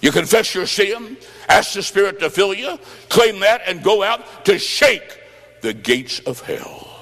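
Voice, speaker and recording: A male evangelist with a fairly high voice, preaching with fervent, emphatic force. The sound carries the long reverb of a big echoey hall during a revival service. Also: animated, measured pace, fairly bright tone. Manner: fervent, emphatic, calling out to the crowd. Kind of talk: revival sermon.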